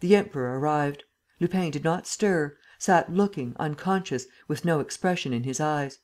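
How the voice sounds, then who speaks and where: A woman narrating a classic detective novel as an audiobook, steady and unhurried. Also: low voice. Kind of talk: scripted narration.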